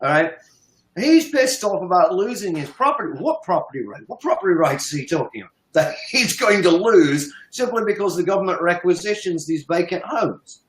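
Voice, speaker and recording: A man's voice: sits high, lively intonation, moderate pace, roomy sound, low-quality recording. A man in his fifties giving heated, emphatic political commentary, sometimes swearing and laughing scornfully. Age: 50s. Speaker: guest commentator.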